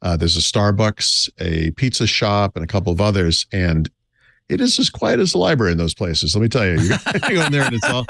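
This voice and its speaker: A middle-aged man co-hosting a tech podcast in casual chat, talking in halting bursts full of restarts and self-corrections. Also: fairly low pitch, very animated, vocal fry, a bit bright, no room sound, clean studio sound. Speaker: co-host.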